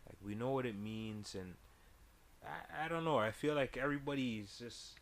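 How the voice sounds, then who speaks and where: A man's voice: medium pitch, moderate pace. Rambling, heated young man. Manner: heated, rambling, frequent restarts and "you feel me". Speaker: podcast co-host. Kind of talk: casual chat.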